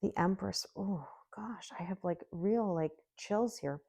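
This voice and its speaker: Gravelly, mellow-voiced woman reading tarot. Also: mid-range voice, a little slow, dry recording. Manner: chatty, giggly, musing aloud with many hmms. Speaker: tarot reader. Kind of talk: solo tarot reading to camera.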